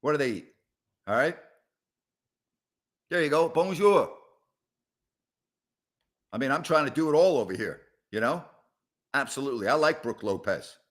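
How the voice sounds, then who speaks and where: A middle-aged man hosts a live sports talk show from inside a house, rambling in a sarcastic, exasperated way as he talks back to viewers. His voice sits at an ordinary pitch for a man. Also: expressive, brisk, long pauses, fairly bright tone. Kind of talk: live call-in show chat. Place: house, indoors.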